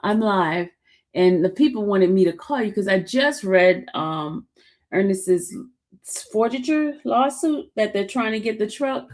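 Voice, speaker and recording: A woman's voice: medium pitch, expressive, a little slow, a little mellow. A woman hosting a casual live stream, teasing her chat and laughing often. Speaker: livestream host.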